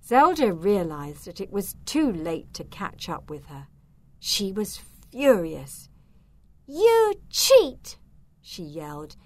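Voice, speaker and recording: A woman reading a children's story aloud in an expressive, unhurried way. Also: on the low side, no room sound.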